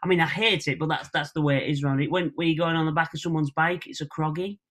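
A young man with a Hull accent, guest on a podcast, chatting quickly and laughing often over a video call. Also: a little high, fairly even intonation, a bit bright. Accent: Hull, Northern English. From Hull, England. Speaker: guest comedian. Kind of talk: casual podcast chat.

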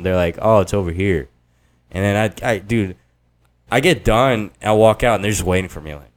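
A man's voice: fairly low pitch, quick pace. A man telling rambling, profane stories in a casual podcast chat, full of filler words. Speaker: podcast guest.

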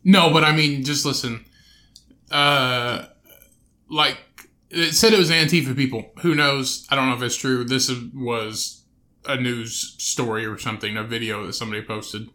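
A man's voice: mid-range voice, fairly even intonation, normal speed. A man co-hosting a casual podcast, ranting with lots of swearing and acting out the people he describes. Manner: profane, ranting, acts out quoted people loudly. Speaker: podcast co-host.

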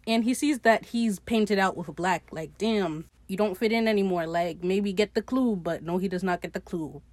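A woman's voice: medium pitch, moderate pace, a little mellow, dry recording. A young woman casually recapping a TV episode on her podcast, chatty and sarcastic, swearing freely and laughing at her own jokes.

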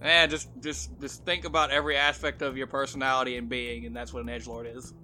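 A man playing a tabletop game, talking loudly in a sarcastic, joking way. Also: medium pitch, flat delivery, fast, soft background music. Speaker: player. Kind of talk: casual tabletop play.

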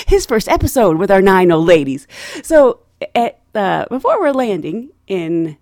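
A woman telling a story about her work as a flight attendant in a casual way, laughing often and acting out passengers in loud, high voices. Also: big pitch swings, a little slow, no room sound, studio quality.

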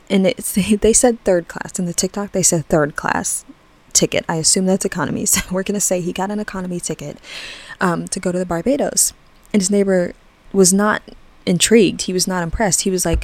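Young woman, podcast host, slightly low voice, chatty and casual, fillers and light laughs. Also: fairly even intonation, fairly quick, darkish tone. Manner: casual, with occasional swearing.

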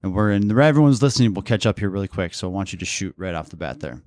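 A man's voice: sits low, expressive, fast, a little mellow, no room sound. A man hosting a casual podcast chat, joking and teasing, rambling a bit as he talks. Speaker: podcast host.

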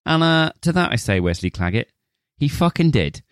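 A man's voice: fairly high pitch, sing-song, normal speed, clean tone, dry recording, clean studio sound. A man co-hosting a casual film podcast, joking and laughing often. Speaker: podcast co-host.

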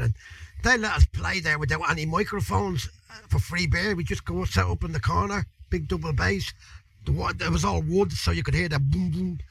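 Dublin guy in his 50s telling a story, husky, gravelly, swears a lot. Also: a little high, no echo, poor audio. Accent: Irish, Dublin. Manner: animated, swearing, colloquial. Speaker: interview guest. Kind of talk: anecdotal storytelling.

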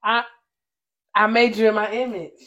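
A woman co-hosting a casual faith podcast, emphatic and preachy, quick to laugh. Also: fairly high pitch, level tone, pushed and bright, lo-fi sound. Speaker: podcast co-host.

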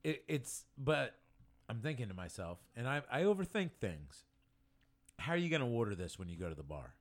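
A man's voice: mid-range voice, big pitch swings, normal speed. A man co-hosting a podcast, reviewing a beer in casual chat, hesitant and full of restarts. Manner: hesitant, overthinking, restarts a lot. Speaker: podcast co-host.

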